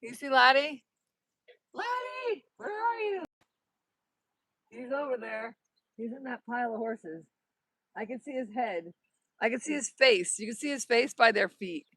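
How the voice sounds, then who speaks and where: A woman's voice: on the high side, normal speed, slightly rough, no echo, rough recording. A woman host chatting casually on a phone livestream outdoors by a horse paddock, upbeat and reading out viewer comments. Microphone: phone held in hand.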